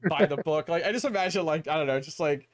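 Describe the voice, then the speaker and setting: A man in casual chat, chiming in with quick reactions and jokes. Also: on the high side, no echo. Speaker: podcast co-host.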